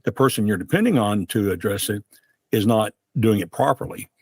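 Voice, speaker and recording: A man hosting an interview podcast, speaking in a slow, reflective and encouraging way. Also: lowish voice, slightly rough, no echo, clean studio sound. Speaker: podcast host. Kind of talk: casual interview chat.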